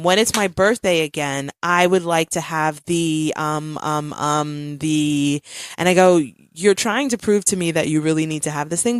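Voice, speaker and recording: A woman in her thirties hosts a casual podcast chat, telling a family story with lively swings and quick laughs. Her voice sits a little low. The sound is close and dry. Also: no echo. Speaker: podcast host.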